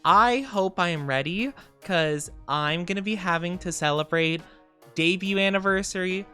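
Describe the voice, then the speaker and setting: A woman streamer in casual live-stream chat, rambling between topics with frequent giggles. She sounds tired, her voice smooth and clear, sitting a little low for a woman. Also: moderate pace, pushed and bright, soft background music.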